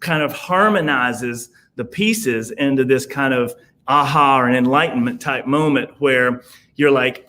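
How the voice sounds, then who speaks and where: A man's voice: mid-range voice, a little slow, pushed and bright, slight background noise. A man with a Southern US accent, a podcast guest talking in a rambling way, full of fillers and restarts. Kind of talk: casual conversation.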